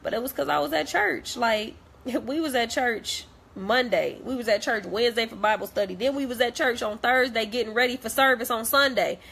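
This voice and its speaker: A woman's voice: a little high, moderate pace, creaky, few pauses, a bit bright, slight background noise. A young woman talking straight to camera, blunt and heated, repeating herself as she vents. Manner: blunt, repetitive, heated, profane. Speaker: vlogger. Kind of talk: direct-to-camera rant.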